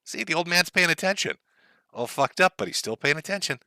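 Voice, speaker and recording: A man delivers sardonic, profane commentary over clips he plays for his viewers. His voice is bright and highly animated, sitting a little high, in a dry, close recording. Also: a little fast, dry recording. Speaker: streamer reacting to clips.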